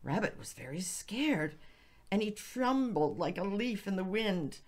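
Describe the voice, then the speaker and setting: A woman narrating a folk tale slowly for English learners, with expressive reading and soft, hushed passages. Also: medium pitch. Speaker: storyteller.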